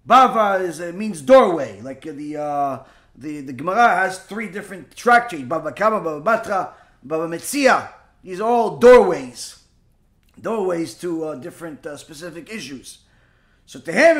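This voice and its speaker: Guy teaching a torah lesson, high voice, lively storyteller, echoey room. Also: normal speed. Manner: animated, lively storytelling with asides and fillers.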